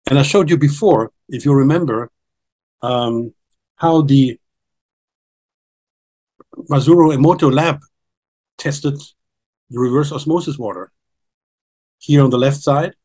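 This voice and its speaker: Husky older man explaining insistently. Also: mid-range voice, measured pace, pauses often, darkish tone, poor audio. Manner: earnest, insistent, repeats key points. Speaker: documentary guest presenting research. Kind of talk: explanatory interview talk.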